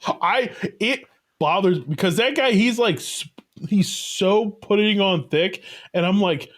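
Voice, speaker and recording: A man's voice: high-pitched, a little slow. A man co-hosting a casual movie podcast, laughing often and acting out characters in put-on voices as he talks. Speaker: podcast co-host.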